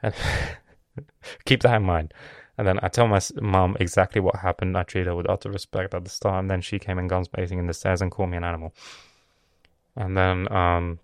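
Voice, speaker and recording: A young man hosting a podcast, telling a story in an animated, sweary, self-mocking way. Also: sits low, a little fast, clear, resonant tone, no room sound, studio quality. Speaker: podcast host. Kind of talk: casual storytelling monologue.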